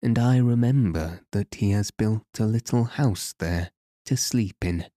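A man reading the part of a calm gnome king who explains things in a measured way. The voice sits low and unhurried, with a mellow tone. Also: no echo, clean studio sound, natural voice.

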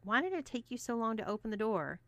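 A woman's voice: fairly high pitch, big pitch swings, quick pace, fairly bright tone, no room sound, voice pushed up. A woman reading as a bossy, demanding college girl.

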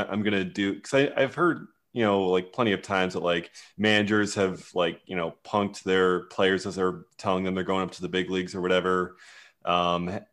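A man's voice: low voice, a bit bright. A man hosting an interview who asks long, rambling questions full of fillers. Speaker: podcast host.

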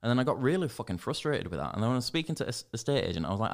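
A man's voice: mid-range voice, very fast, creaky. A young man with a Yorkshire accent, telling a story in casual chat, swearing a lot and acting out what people said. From Northern England. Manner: sweary, animated storytelling, acts out quotes. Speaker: podcast co-host.

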